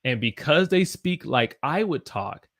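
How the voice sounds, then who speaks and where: A man's voice: on the high side, very animated, a little slow, fairly bright tone, no echo, studio quality. A man from the Southern United States with a Southern accent, teaching English casually on a livestream, reading viewer comments and demonstrating how he talks. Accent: Southern American. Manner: chatty, reads viewer comments aloud, demonstrates pronunciation.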